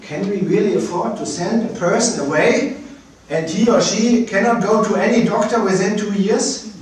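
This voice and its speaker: Halting man lecturing in an echoey hall. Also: sits high. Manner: halting, many filler hesitations. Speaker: guest lecturer. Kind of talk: public talk with slides. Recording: very echoey hall, distant mic.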